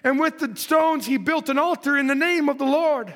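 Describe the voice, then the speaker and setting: A man preaching a fervent sermon, reading scripture aloud and rising to shouts at the peaks. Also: extremely high pitch, moderate pace. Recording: long hall reverb.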